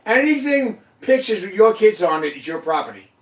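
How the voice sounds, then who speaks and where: A man's voice: high voice, big pitch swings, a little fast. Emotional, profane man in an echoey room. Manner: emotional, profane, insistent and repetitive. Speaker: host. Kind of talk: casual livestream chat. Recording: echoey room, mic at a distance.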